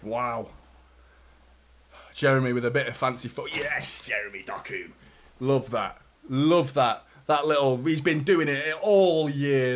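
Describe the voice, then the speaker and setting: A young man hosting a live football watchalong, swearing often and swinging between anxious muttering and shouted celebration. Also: medium pitch, moderate pace. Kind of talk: live match reaction commentary.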